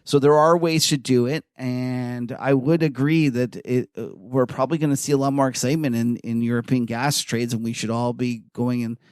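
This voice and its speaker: A man co-hosting a markets podcast in casual, animated chat, full of "like" fillers. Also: mid-range voice, normal speed, hardly any pauses, clear, resonant tone, no room sound, clean studio sound. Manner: animated, chatty, many "like" fillers. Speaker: podcast co-host.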